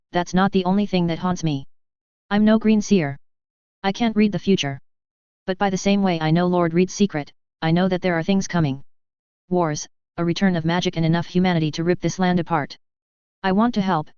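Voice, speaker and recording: A woman narrating puts on a sincere young man pleading for trust in a fantasy storybook reading. The voice stays smooth and rather low, barely changed from the narrator's own. The recording is dry and slightly dull. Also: darkish tone, dry recording, lightly acted. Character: earnest young modern man, lost and sincere.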